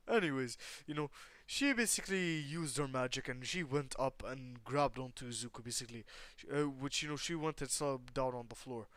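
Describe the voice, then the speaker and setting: A man's voice: mid-range voice, brisk, few pauses, fairly bright tone, dry recording. A man improvising a story in a loose, rambling way, full of fillers and restarts, talking to his viewers.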